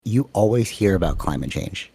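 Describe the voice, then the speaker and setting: Low-voiced guy rambling fast on a podcast call, dry close sound. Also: slightly rough, no room sound. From Canada. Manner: fast-talking, rambling, animated. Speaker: podcast co-host. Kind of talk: casual chat.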